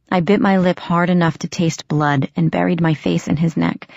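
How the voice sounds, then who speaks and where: A woman narrating a novel in first person, measured and unhurried. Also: on the low side, fairly even intonation, vocal fry, darkish tone, no room sound, highs cut off. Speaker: audiobook narrator.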